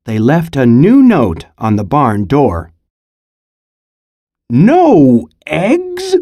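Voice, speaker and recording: Slow, expressive storybook reader. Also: medium pitch, no echo. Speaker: teacher reading aloud. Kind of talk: picture-book read-aloud with comprehension prompts.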